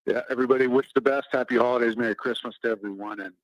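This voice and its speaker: A man's voice: mid-range voice, steady tone, very fast, no echo, muffled recording. A man calling in to a sports show, plainspoken and a bit stumbling, repeating his words. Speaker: caller. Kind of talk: phone-in sports chat.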